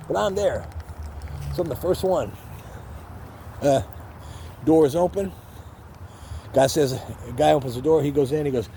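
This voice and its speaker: A man's voice: fairly high pitch, gravelly. An older man casually telling a story from his own life, rambling and candid, swearing and acting out what people said, recorded on a phone outdoors by a street. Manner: rambling, candid, restarts often, swears, acts out quotes. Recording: faint street noise outdoors.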